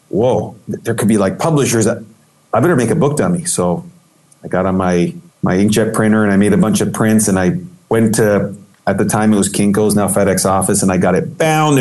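Man telling lively anecdotes. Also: fairly low pitch. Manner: animated anecdotal storytelling, acts out quoted voices. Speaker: interview guest, photographer. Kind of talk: casual storytelling interview.

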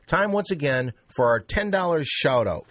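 A man hosting a comedy podcast, briskly steering the talk and reading plugs and shout-outs. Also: on the high side, animated, dry recording. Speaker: podcast host.

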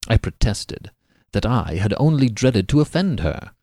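A man reading a classic tale aloud as the podcast's narrator, with an expressive, dramatic delivery. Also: medium pitch, a little slow, dry recording, clean studio sound. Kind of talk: scripted narration of a classic story.

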